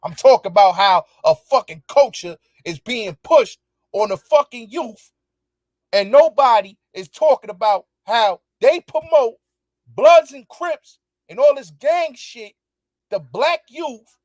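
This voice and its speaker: This man's voice is extremely high yet a little mellow, expressive and unhurried as he hosts his show. He angrily rants back at viewers with heavy profanity, emphatically repeating his points, in a dry recording with clean studio sound.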